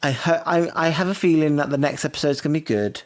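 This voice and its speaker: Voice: mid-range voice, fast. A co-host in casual podcast chat, sardonic and fond of silly asides. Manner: sardonic, breaks into silly singing.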